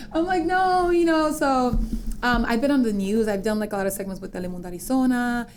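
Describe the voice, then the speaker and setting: A woman in her thirties chatting as a podcast guest, telling animated stories and acting out the voices of people she quotes. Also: a little high, brisk, slight background noise. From United States, Dominican parents. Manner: animated storyteller, acts out quoted voices, laughs often. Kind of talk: casual interview chat.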